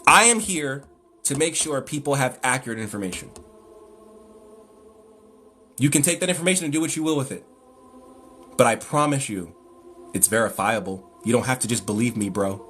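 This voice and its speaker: A man's voice: medium pitch, lively intonation, normal speed, pauses often, a bit bright, faint music behind. A man hosting a live stream, lecturing emphatically and with exasperation as he answers chat.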